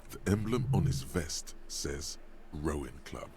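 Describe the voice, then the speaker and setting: An actor voicing a detective's inner voice as a game narrator, measured, solemn and coolly observant. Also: male voice, rumbling low, lively intonation, darkish tone, slight background noise, full character voice. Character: grave inner voice of a detective's mind.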